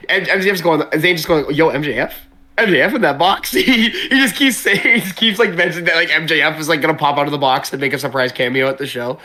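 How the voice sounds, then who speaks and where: A man's voice: on the high side, fast, few pauses, sharp tone. A young man from Canada hosting a podcast, telling stories in rambling, jokey casual chat with plenty of swearing. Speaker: podcast host.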